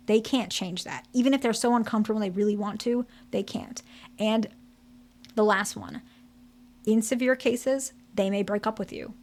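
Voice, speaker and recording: A woman's voice: a little high, a little mellow. A candid therapist woman explaining things. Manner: conversational, checks in with "okay?" and "right?"; candid, direct. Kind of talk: explaining to camera.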